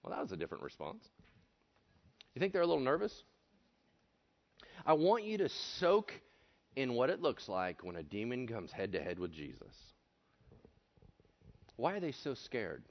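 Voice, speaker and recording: A man preaching an animated, jokey sermon, acting out voices and swinging between loud and hushed delivery. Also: mid-range voice, normal speed, pauses often. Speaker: pastor. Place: church room with audience. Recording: dull lo-fi sermon recording.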